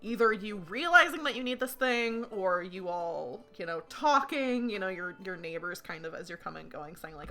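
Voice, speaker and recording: A woman's voice: lowish voice, lively intonation, a little fast, vocal fry, few pauses, bright, forceful tone. A woman running a tabletop game, narrating loosely with lots of fillers. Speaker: game master.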